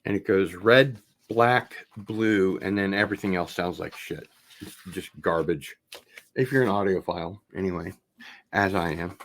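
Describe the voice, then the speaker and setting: A man's voice: deep voice, a little hiss or hum. A man hosting a casual vinyl record unboxing, chatting as he opens packages and wandering off on tangents. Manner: rambling, drawn-out, talks things over while opening packages. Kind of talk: casual livestream unboxing chat.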